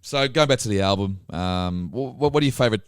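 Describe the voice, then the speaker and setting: Australian male host, low, dry close mic. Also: lively intonation, fast, clean tone, no echo. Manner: rambling questions with repeated restarts. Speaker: podcast host. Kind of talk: casual interview.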